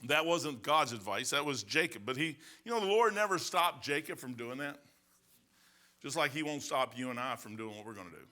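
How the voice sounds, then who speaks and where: A man's voice: medium pitch, animated, normal speed, bright, forceful tone. A man in his sixties preaching a sermon as pastor, telling folksy stories with emphatic asides. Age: 60s.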